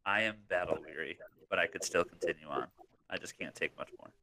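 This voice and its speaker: A man playing a tabletop game, easygoing and quick to laugh. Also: low-pitched, vocal fry, background noise. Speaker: player. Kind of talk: casual tabletop game chat.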